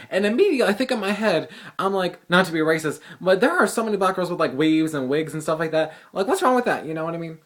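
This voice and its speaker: A man's voice: a little high, brisk. A teenage boy telling a story as a casual rant, exasperated and profane. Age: teens. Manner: exasperated, profane, lively retelling. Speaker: vlogger, high school student.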